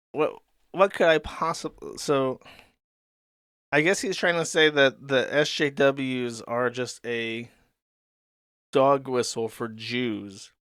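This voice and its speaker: A man's voice: mid-range voice, fairly bright tone, clear, resonant tone, no echo, studio quality. A man hosting a show, rambling through crude, sardonic commentary while reading a comic aloud. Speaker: host.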